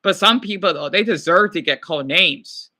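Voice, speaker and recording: High, sharp-voiced rambling male streamer. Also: normal speed. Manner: rambling, swearing, apologetic. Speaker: livestreamer. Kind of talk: casual livestream chat, reading viewer comments.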